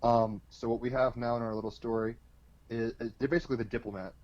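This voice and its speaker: A man's voice: medium pitch, fast talker, muffled recording. Rambling man telling a story. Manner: rambling, filler-heavy, animated storytelling. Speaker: astrologer guest. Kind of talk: casual storytelling explanation.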